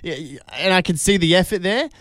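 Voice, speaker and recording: Male radio co-host, slightly high, smooth, dry booth, teasing banter. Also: expressive, a bit bright, dry recording. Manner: teasing, quick quips.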